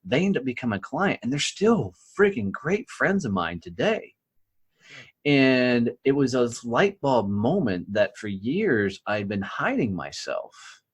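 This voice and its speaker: In a sing-song, medium-pitched voice with a breathy edge, he speaks a little slowly. A middle-aged rural U.S. man, he's a podcast guest telling stories bluntly and profanely while repeatedly checking in with "right?".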